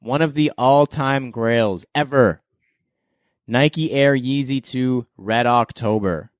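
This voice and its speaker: A man's voice: mid-range voice, slow pace, no echo. Teasing Canadian quizmaster man. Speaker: podcast host. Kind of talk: casual game-show chat.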